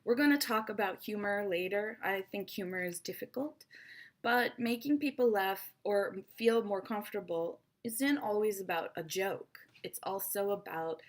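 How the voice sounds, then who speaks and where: A woman teaches an online English lesson in an expressive, playful manner. Her voice sits at a middling pitch, and she speaks straight to her viewers as if they were her own students.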